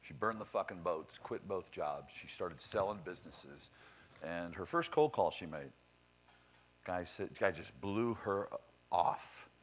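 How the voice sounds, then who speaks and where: Blunt low-voiced man telling stories. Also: expressive, unhurried, a little hiss or hum, poor audio. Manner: blunt and profane, storytelling. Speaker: speaker introducing the next speaker. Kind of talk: motivational talk to an audience.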